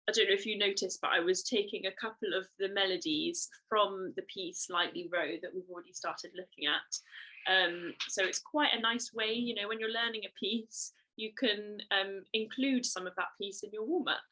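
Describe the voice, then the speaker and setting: A young woman leads a trumpet lesson in a patient, encouraging way. She talks slowly and fills her pauses with ums. Her voice sits at a middle pitch. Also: sharp tone, poor audio. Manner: encouraging, patient, explains slowly with many fillers. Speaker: trumpet teacher. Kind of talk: online music lesson.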